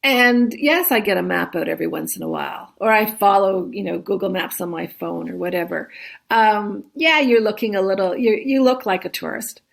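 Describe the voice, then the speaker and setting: A woman's voice: medium pitch, normal speed, creaky. Woman guest, chatty, laughs often, checks in with "right?", mid-range voice. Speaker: guest, solo travel expert. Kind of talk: conversational interview.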